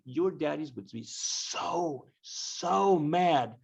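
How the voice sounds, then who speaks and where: A man's voice: a little high, lively intonation, very slow, creaky, a bit bright, husky, distant mic, pitched above the performer's own voice, full character voice. A man voicing a flustered friar who talks in exasperated, chatty exclamations. The recording sounds dull and lo-fi.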